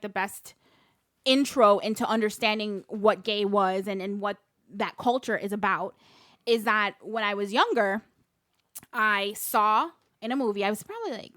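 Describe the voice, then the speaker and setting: A woman's voice: medium pitch, fairly bright tone, no room sound, clean studio sound. A woman co-hosting a podcast, chatting casually, telling stories and laughing often. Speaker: podcast co-host. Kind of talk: casual chat.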